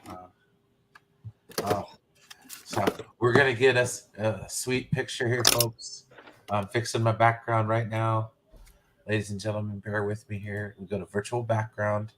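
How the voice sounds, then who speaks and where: A man's voice: on the low side, level tone, a little slow, noisy background. A man co-hosting a casual chat over a video call, laid-back and peppering his talk with "dude" and "man". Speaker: co-host.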